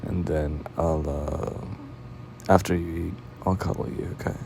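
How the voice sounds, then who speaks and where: A tired man yawning constantly while speaking softly and sweetly as a doting boyfriend in a whispered role-play, drifting into whispers. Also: sits low, steady tone, slow pace, gravelly, a little hiss or hum, rough recording. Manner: soft-spoken, affectionate, drifting into whispers.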